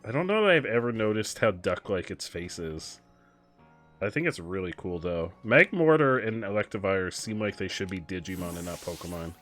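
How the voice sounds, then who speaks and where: A young man streaming a game, chatting casually, switching between muttered asides and loud excited outbursts. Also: low voice, moderate pace, faint music behind. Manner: excitable, shifts from mumbling asides to loud exclamations. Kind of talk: casual live-stream commentary while gaming.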